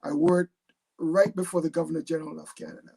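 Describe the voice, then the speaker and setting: Husky guy with a gravelly edge, slightly high voice, halting and repeating himself on a video call. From born in England, raised in Jamaica. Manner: hesitant, repeats words, relaxed storytelling. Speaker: guest, retired army captain.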